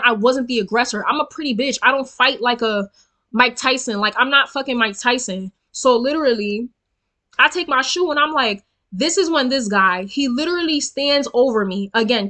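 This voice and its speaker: A young woman, telling a storytime vlog in an animated, profane, emphatic way straight to her viewers. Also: high voice, moderate pace. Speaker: storytelling vlogger. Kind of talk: casual storytime rant.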